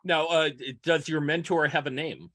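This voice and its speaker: Brief: male host, bright tense tone, fairly high, quick to joke. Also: fairly even intonation. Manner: jokey interrupting questions. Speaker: podcast host. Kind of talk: casual interview.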